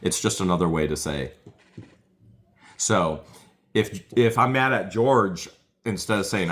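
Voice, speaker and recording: A man's voice: low voice, measured pace, pauses often. A man chatting casually and recounting a court hearing, quoting other people as he goes. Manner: animated, quotes others in put-on voices. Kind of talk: casual chat.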